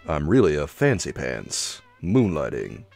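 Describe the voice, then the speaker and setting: Low-voiced man chatting over a game. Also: wildly swooping pitch, measured pace, vocal fry, a little mellow, soft background music. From United States. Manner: chatty, joking with viewers. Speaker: let's play host. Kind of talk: casual gameplay commentary.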